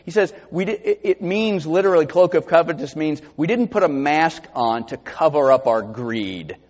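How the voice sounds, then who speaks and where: A man, a pastor, preaching a sermon with animated delivery and sudden high-pitched bursts of emphasis. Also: moderate pace, big-room sound, lo-fi sound. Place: church sanctuary.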